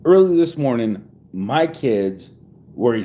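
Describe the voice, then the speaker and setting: A man's voice: medium pitch, lively intonation, slow pace, dark tone. Guy in his 40s rambling and cussing at home, voice jumps all over, lots of ups and downs. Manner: profane, rambling, restarts often. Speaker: vlogger. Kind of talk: casual rambling chat.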